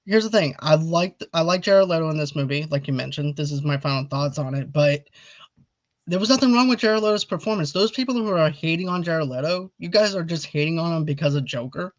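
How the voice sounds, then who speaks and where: A man's voice: fairly high pitch, a little fast, no echo. A man hosting a casual movie review chat, rambling eagerly and urging viewers to comment. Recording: dull lo-fi audio.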